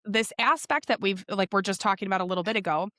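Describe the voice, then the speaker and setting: A woman hosting a podcast interview, talking in an energetic, emphatic way with frequent swearing. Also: medium pitch, fast, no room sound, clean studio sound. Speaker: podcast host.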